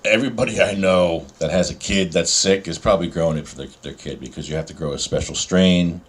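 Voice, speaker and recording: A man's voice: deep voice, quick pace, husky. A man hosting a podcast, talking casually and ranting with sarcasm. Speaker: podcast host. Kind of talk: casual chat. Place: New Jersey.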